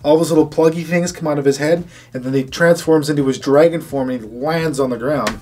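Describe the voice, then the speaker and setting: A man's voice: on the high side, fairly quick, a little mellow, slight background noise. A man co-hosting a casual review chat, playfully recapping scenes as a story. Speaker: podcast co-host reviewing a cartoon series.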